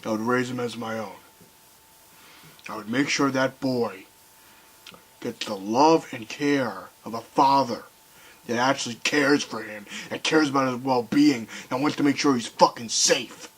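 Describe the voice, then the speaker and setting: A young man ranting heatedly to camera, swearing often and swinging between loud outbursts and quiet bitterness. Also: mid-range voice, a little slow, slightly rough, rough recording. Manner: heated, swearing, voice rising and falling sharply. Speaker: video commentator. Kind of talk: angry rant to camera.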